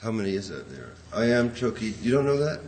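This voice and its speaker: A man's voice: on the low side, very animated, quick pace, darkish tone, a little hiss or hum. A man lecturing a poetry class, rambling and hesitant, chanting rhythms aloud to show them. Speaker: poetry teacher.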